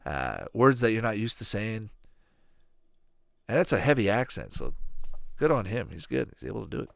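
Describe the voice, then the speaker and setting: A low-pitched man riffs casually while watching a cartoon, his voice swinging lively up and down. He rambles, swears now and then, and drifts between asides. The sound is dry and close, with no room echo. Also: normal speed, vocal fry, long pauses. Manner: rambling, profane, animated asides. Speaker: cartoon reaction vlogger. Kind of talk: casual reaction commentary.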